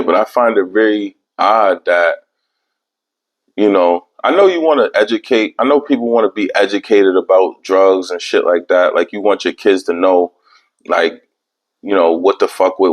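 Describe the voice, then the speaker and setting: A man's voice: deep voice, fairly even intonation, normal speed. A young man hosting a podcast, telling a long story in casual, profane, rambling chat. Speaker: podcast host.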